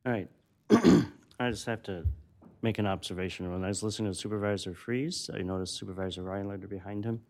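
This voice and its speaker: A man's voice: lowish voice, steady tone, fairly quick, darkish tone. Man chairing a county board meeting.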